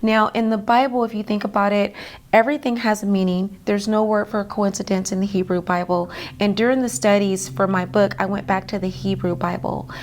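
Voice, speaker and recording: A woman's voice: medium pitch, steady tone, fairly quick, slight background noise. A woman being interviewed as an author, earnestly retelling a personal story in vivid detail, with many fillers.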